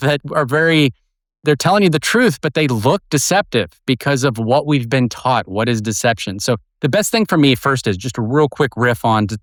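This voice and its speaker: A middle-aged man, a retired agent and author, explaining his methods in an animated way as an interview guest. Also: medium pitch, dry recording, studio quality. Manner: animated, explains with examples and acted quotes.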